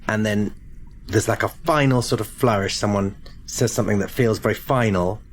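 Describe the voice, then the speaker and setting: A man running a tabletop horror game as game master, narrating in a measured, descriptive way. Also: lowish voice, slight background noise. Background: music.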